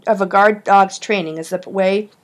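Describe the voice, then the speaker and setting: A woman's voice: mid-range voice, fairly even intonation, normal speed, lightly acted. A woman reading an audiobook, voicing an earnest, insistent schoolgirl who loves animals.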